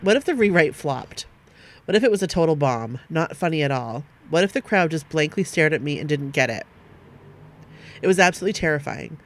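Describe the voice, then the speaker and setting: A woman co-hosting a podcast, reading listener stories aloud at a steady pace and breaking off now and then to chat with her co-host. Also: sits low, fairly quick.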